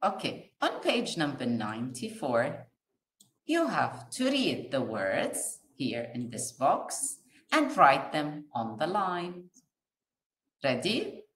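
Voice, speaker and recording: A woman teaching little children to read, stretching each letter and word very slowly. Her low voice swoops up and down in a lively, sing-song way. The sound carries a roomy echo. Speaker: kindergarten teacher. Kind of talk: classroom phonics lesson.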